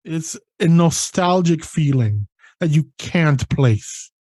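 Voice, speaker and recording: Slow, measured male game master. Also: fairly high pitch, lively intonation, warm tone, dry recording. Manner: slow, deliberate scene-setting narration. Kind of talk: narrating a tabletop game.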